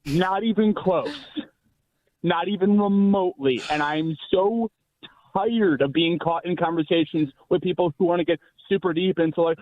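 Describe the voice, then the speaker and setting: A man's voice: high-pitched, moderate pace, dry recording. A man in his thirties calling a radio show, ranting in exasperation. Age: 30s. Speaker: caller. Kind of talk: phoned-in radio call. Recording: dull, lo-fi call line.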